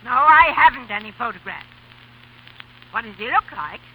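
Radio play: man as a snappish rich grandma, lively and shrill. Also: normal speed, full character voice, low-quality recording. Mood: indignant. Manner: snappish, scolding. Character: imperious rich old grandmother, bossy and huffy. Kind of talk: 1930s radio drama. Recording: hissy old radio broadcast.

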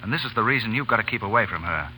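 An actor playing a brash, teasing young officer from Canada, in 1940s radio acting style. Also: male voice, fairly low pitch, expressive, racing, bright, forceful tone, a little hiss or hum, poor audio. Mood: bantering.

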